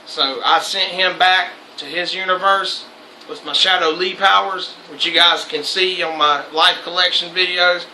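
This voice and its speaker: Brief: young male host, high gravelly voice, swears and laughs freely. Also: steady tone, a little slow, pushed and bright, slight background noise. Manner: loose, swearing, laughs often. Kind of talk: casual chat. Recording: echoey room.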